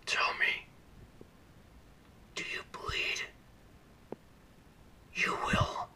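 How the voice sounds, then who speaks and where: A man voicing a menacing male superhero vigilante in a low, gravelly whisper, as whispered role-play. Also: very slow, pushed and bright, heavily acted. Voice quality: gravelly growl.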